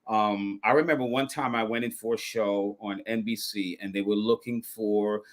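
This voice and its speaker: A man's voice: on the low side, normal speed. A man, an actor and guest, telling stories in a casual chat and acting out the quotes. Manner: animated storyteller, acts out quotes.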